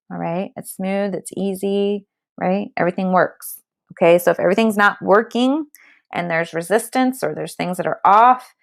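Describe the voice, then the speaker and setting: A woman's voice: mid-range voice, vocal fry. A woman giving a live tarot card reading, talking straight to viewers with blunt, emphatic tough-love advice, some swearing, and a constant "okay?" to check in. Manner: keeps checking in with "okay?" and "all right?".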